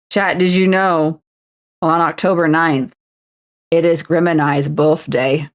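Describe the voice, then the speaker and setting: A young Canadian woman chats easily with her stream audience while she paints a model. Her voice sits a little low, and she takes her time with each phrase, teasing herself as she goes. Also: slow pace, pauses often. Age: 20s. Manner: playful and self-mocking, slips into announcer voices. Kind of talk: casual livestream chat while painting a miniature.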